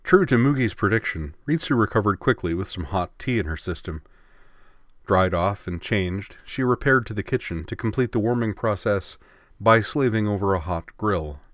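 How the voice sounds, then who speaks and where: A man narrating a story aloud in a measured, expressive reading. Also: lowish voice, no room sound, studio quality.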